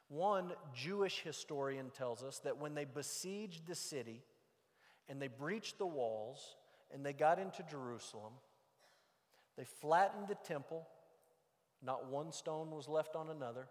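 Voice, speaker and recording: A man preaching a sermon, moving from loud emphatic points to hushed, quiet passages. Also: on the high side, animated, measured pace, pauses often, big-room sound. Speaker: pastor.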